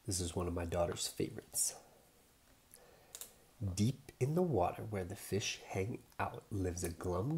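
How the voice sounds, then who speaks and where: A man reading picture books aloud as a father, soft and sometimes dropping to a whisper. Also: sits low, animated, a little slow. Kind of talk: storybook read-aloud.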